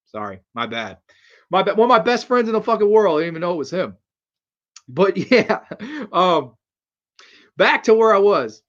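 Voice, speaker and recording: A young man hosting a casual horror film review, rambling and swearing freely, excited by what he talks about, sometimes answering live chat. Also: high voice, moderate pace, long pauses, lo-fi sound. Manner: rambling, profane and enthusiastic, reacts to live comments.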